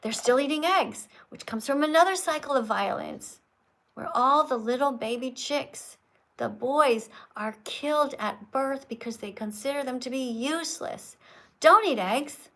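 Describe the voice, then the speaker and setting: A woman lectures a guest on her livestream. Her voice sits a little high, and she talks in an emphatic, scolding, preachy way that keeps driving her point home. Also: a little slow, a bit bright, low-quality recording. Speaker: livestream host teaching veganism.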